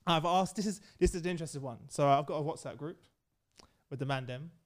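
A young man hosting a casual podcast chat in an office, excitable and quick to laugh, often restarting his sentences. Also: a little high. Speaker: podcast host. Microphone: podcast microphone in an office.

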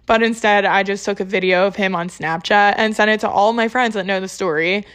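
A young woman casually telling a story to her viewers, exasperated and animated, acting out the people she quotes. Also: mid-range voice, fairly quick.

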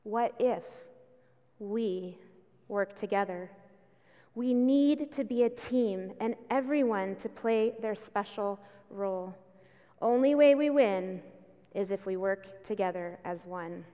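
A woman's voice: medium pitch, slow, mellow, pitched below the performer's own voice, close to an everyday voice. A woman voicing a discouraged teenage karate student who speaks hesitantly and pleadingly, in a reverberant hall. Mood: earnest. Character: discouraged teen karate students, unsure but rallying.

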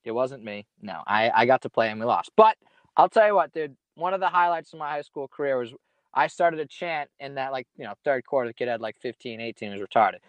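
A man's voice: medium pitch, expressive, a little fast, dry recording. A young man telling a casual story in a rambling way, full of slang and swearing. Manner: profane, rambling, laid-back slang. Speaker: podcast guest storyteller.

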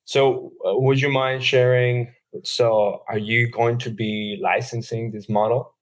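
A man's voice: mid-range voice, level tone, a little slow. A man hosting a podcast who asks casual interview questions in a loose, rambling way full of fillers. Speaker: podcast host.

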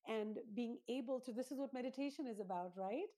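A woman's voice: a little high, fairly quick, warm tone. A woman, a parenting author being interviewed, explaining ideas in an earnest, teacherly way, setting them out step by step. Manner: earnest, teacherly, lays out steps.

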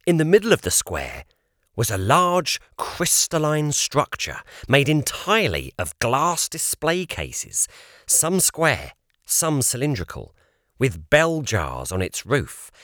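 A man narrating a children's audiobook at a slow, deliberate pace. His pitch moves a lot as he tells the story. The recording is dry and close, with no room sound. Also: no room sound. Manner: measured, expressive storytelling.

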